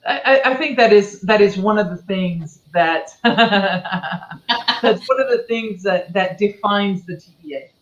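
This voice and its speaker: A woman co-host who talks warmly with many stammered restarts. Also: mid-range voice, a little slow. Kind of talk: casual interview chat. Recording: echoey and lo-fi.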